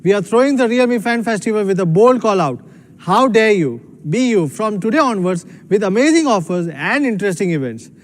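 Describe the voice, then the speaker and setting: A man's voice: high-pitched, lively intonation, a little fast, hardly any pauses. A man giving a proud, emphatic scripted keynote as a company executive.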